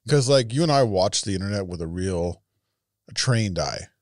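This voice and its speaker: Low-voiced man, halting podcast chat. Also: lively intonation, dry recording, studio quality. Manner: halting, restarts, laughs often. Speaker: podcast co-host. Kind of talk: casual chat.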